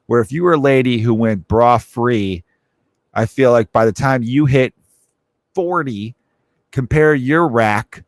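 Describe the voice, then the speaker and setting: A man's voice: mid-range voice, no room sound, clean studio sound. A man in his thirties, a comedian hosting his own podcast, riffing in a rambling, profane monologue and acting out quoted voices.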